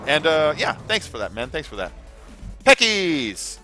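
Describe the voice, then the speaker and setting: A man's voice: a little high, big pitch swings, fairly quick, pushed and bright. A man chatting casually on his live gaming stream, rambling and swearing now and then, with music playing behind him. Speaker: gaming livestreamer.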